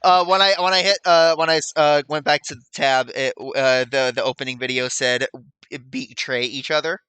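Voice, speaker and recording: A man's voice: fairly high pitch, little pitch movement, brisk, pushed and bright, clean tone, no room sound. A man hosting a casual let's-play, laughing often and stumbling over restarts. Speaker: host.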